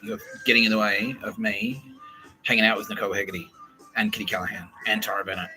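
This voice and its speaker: A man's voice: on the low side, animated, fast talker, pushed and bright, faint music behind, rough recording. A man hosting a podcast, talking in a profane, rambling way and often restarting his sentences. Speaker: podcast host. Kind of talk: casual rambling monologue.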